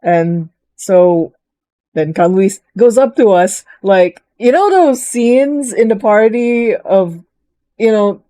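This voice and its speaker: A woman chatting casually as she recaps a story, rambling with many fillers and jumping into a higher voice to quote characters. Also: slow, warm tone, dry recording. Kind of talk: casual chat.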